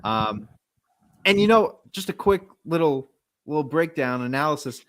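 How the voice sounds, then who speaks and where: A man's voice: fairly high pitch, very animated, moderate pace, a bit bright. A man casually recapping a wrestling match, telling it as a story, acting out quotes and laughing often. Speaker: podcast co-host.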